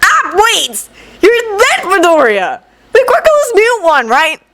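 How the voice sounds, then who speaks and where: A woman's voice: very high voice, sing-song, slow pace, bright, forceful tone, pitched above the performer's own voice, full character voice. A woman reader voicing a brash, cheerful teenage boy who talks in a chummy, confident way. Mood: cocky.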